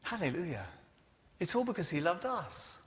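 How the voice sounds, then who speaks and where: A man's voice: sits high, big pitch swings, normal speed. A man preaching a sermon in a church, earnest and personal in his delivery. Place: church hall. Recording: reverberant church hall.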